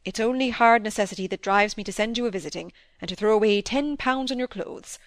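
Woman reading a gruff, fond doctor father. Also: medium pitch, brisk, dry recording, studio quality, close to an everyday voice. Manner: grave, teasing, with little impatience. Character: middle-aged male country doctor, gruff but fond father. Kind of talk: audiobook dialogue reading.

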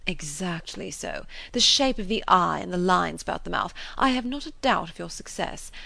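A woman's voice: lowish voice, lively intonation, normal speed, creaky, bright, forceful tone, no echo, exaggerated voice. Woman reader voicing a gallant, fawning young suitor in a storybook reading, effusive praise, dry close sound. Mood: flattering.

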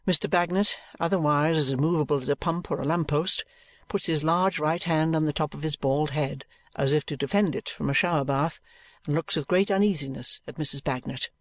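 A man narrating a classic novel as an audiobook, in a measured, expressive reading. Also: fairly high pitch, dry recording. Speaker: audiobook reader.

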